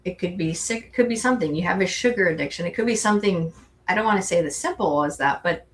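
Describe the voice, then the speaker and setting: A woman's voice: fairly low pitch, fast, a little hiss or hum. A middle-aged woman co-hosting a tarot show, chatting casually and rambling with frequent restarts. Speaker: tarot co-host. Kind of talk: casual chat.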